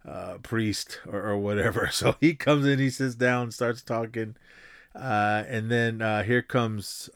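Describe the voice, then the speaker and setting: A man hosting a podcast, casually recapping a film in a rambling, halting way, with lots of fillers and restarts and the odd chuckle. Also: medium pitch, clean tone, no room sound, clean studio sound. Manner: chuckles while retelling. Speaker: podcast host.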